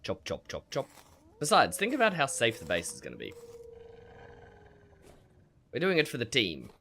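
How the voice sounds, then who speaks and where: Streaming a survival game at normal speed in a mid-range voice, a man reads chat and narrates fights with plenty of laughter, animated energy and self-talk. A little hiss or hum sits under the audio.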